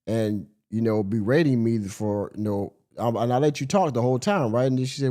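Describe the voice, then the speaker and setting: A man's voice: medium pitch, a little fast, hardly any pauses, mellow. A male podcast host giving blunt, exasperated commentary on a livestream and swearing freely.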